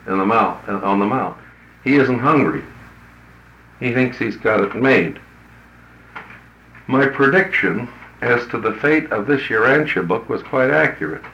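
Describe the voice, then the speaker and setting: A man's voice: fairly low pitch, pushed and bright, slight background noise. A man who works as a business consultant tells a story to an audience in a folksy, blunt, colloquial way. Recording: roomy, dull lo-fi recording.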